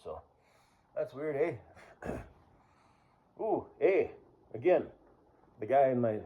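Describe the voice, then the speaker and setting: A man talking in a rambling, casual monologue to the camera, full of fillers and throat clearing. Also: medium pitch, big pitch swings, drawn-out words, pauses often, warm tone. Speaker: vlogger.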